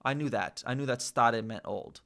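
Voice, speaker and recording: An American man hosting a casual live chat, slowly sounding out words with many fillers and pauses. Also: mid-range voice, sharp tone. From United States. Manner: slow, hesitant, full of fillers, sounding out words. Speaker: livestream host learning Polish.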